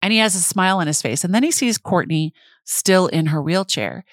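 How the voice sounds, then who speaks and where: A middle-aged woman co-hosting a podcast, telling a personal story in casual chat with an excitable, fast way of talking and frequent laughter. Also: lowish voice, no echo, clean studio sound. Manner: laughs often while telling stories. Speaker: podcast co-host.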